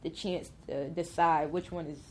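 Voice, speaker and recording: A woman's voice: deep voice, steady tone, moderate pace. A woman being interviewed in a casual, candid chat. She drags out her words and has a slight lisp. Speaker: interview guest.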